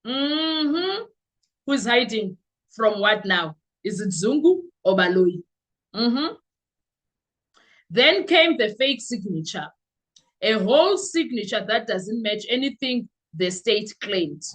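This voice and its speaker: A woman with a South African accent hosting a podcast, giving animated, sarcastic commentary full of rhetorical questions. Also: a little high, slow, rough recording. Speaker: podcast host. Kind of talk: opinionated commentary.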